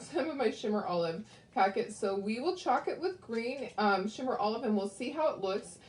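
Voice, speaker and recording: A woman's voice: medium pitch, a little hiss or hum. A woman hosting a casual craft livestream, talking to viewers with lots of ums and asides, grieving and close to tears. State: grieving and tearful. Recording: echoey room.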